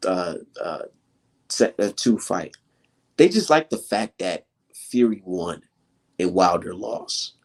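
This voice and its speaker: A man's voice: lowish voice, a little mellow, husky. Heated, swearing man ranting about boxing. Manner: heated, swearing, full of rhetorical questions; laughs between points. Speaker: boxing commentator and vlogger. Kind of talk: casual ranting commentary.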